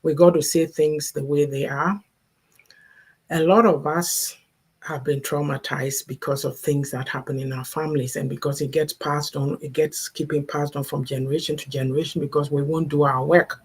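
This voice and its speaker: Older woman, host of a live faith talk, husky, earnest and advising. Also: low-pitched, fairly even intonation, moderate pace. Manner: earnest, advising, acts out parents' sayings. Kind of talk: livestream talk on family and faith.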